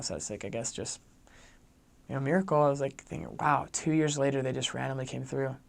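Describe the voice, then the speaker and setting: A man's voice: medium pitch, brisk, gravelly. A young man, a former missionary, telling a personal story in a chatty way, full of fillers, who raises his voice when quoting himself speaking kindly.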